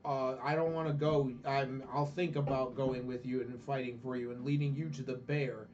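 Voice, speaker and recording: A man's voice: mid-range voice, flat delivery, normal speed, close to an everyday voice. Brief: hesitant waffling guy, done by a man recapping, muffled and far off. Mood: reluctant. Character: reluctant, wishy-washy man. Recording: distant dull lo-fi recording with faint music.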